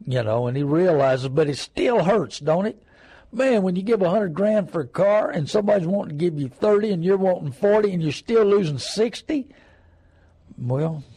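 A man's voice: on the high side, warm tone, breathy edge, low-quality recording. An older man, hosting a call-in radio talk show in a folksy, rambling, storytelling manner.

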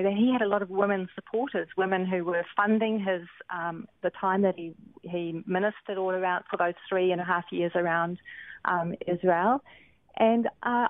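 A woman's voice: mid-range voice, dry recording. A woman, an author on a call-in radio show, talking thoughtfully about scripture with many ums and restarts. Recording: phone-like thin line.

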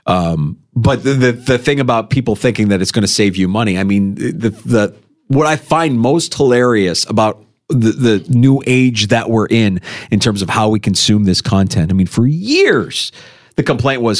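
Male sports talk host, lively and chatty, mid-pitched, argues with rising pitch. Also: moderate pace. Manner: animated, jumps in pitch when making a point. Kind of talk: casual sports radio chat. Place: radio studio.

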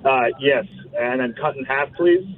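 A man's voice: medium pitch, measured pace, a little hiss or hum. A man calling in to a radio show by phone from his car at a drive-thru, speaking in a dry, slightly hesitant way that stumbles over words. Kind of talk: casual on-air banter. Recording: tinny phone line.

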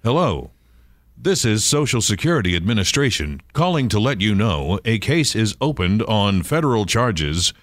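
Low-voiced man telling stories, dry sound. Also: moderate pace, dry recording. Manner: lively anecdotal storyteller. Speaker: podcast host, radio personality. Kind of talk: casual chat, storytelling.

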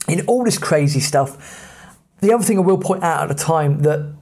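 A man's voice: on the high side, expressive, moderate pace, a little mellow, breathy edge. A man from England with an English accent, a podcast host telling travel anecdotes in a chatty way with plenty of fillers. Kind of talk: casual travel storytelling.

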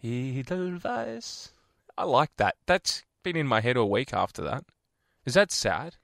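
A man's voice: medium pitch, sing-song, normal speed, gravelly, fairly bright tone, no echo, clean studio sound. A man co-hosting a radio show, teasing his co-host in casual banter. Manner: teasing, jokey.

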